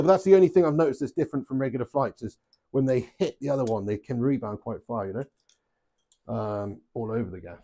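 A man's voice: mid-range voice, brisk. A man chatting to viewers during a live darts stream, swearing often and bursting out at his throws. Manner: swears a lot, excitable outbursts, chats to viewers. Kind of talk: live stream chat while playing darts.

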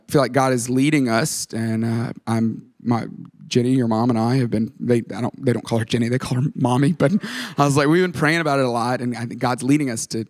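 A middle-aged man preaching a sermon as a guest pastor, telling a personal story with self-deprecating humor and acting out the voices he quotes. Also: mid-range voice. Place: large church auditorium. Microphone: stage microphone.

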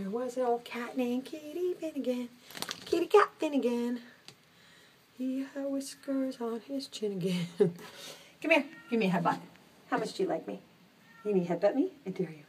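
A woman's voice: on the high side, animated, moderate pace, slightly rough. A woman who cares for boarded cats, chatting to one in a sing-song baby-talk voice for a casual vlog. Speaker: cat boarding carer. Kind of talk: casual vlog, talking to a cat.

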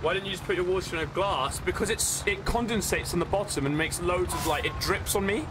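Chatty young streamer, noisy mix. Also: male voice, high voice, fairly quick. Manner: chatty, swears casually, greets viewers by name. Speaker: gaming streamer. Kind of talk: casual live-stream chat.

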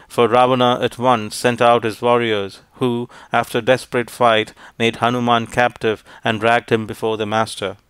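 A man reads an epic tale aloud in measured, formal narration. His voice is smooth and clean, with little rise and fall. The recording is dry and close. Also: medium pitch, fairly bright tone, no echo. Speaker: audiobook narrator. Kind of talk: scripted audiobook narration.

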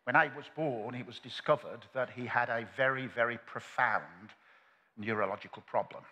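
An older man preaching a sermon at a convention, earnest and moving between loud climaxes and hushed quiet. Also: medium pitch, moderate pace, long reverb tail. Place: large convention hall.

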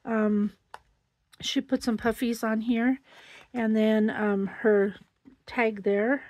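Here a crafting channel host unboxes a handmade gift on her relaxed vlog, chatty and effusive, calling out her delight at every piece. She speaks slowly in a slightly high, somewhat mellow voice with little pitch movement, and the sound carries no echo.

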